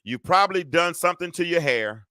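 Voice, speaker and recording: A man's voice: a little high, lively intonation, a little fast, pushed and bright, smooth, no echo, studio quality. A middle-aged man hosting a solo talk show in a preachy, joking way, speaking straight to his audience and calling for amens. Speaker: host.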